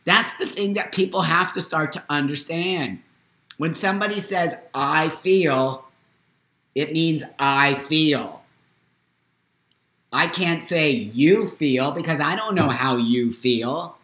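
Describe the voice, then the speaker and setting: A man in his fifties hosting a live stream, talking in an emotional, emphatic way, at times near tears, swinging from loud to hushed. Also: fairly high pitch, slow, echoey room. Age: 50s. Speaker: host.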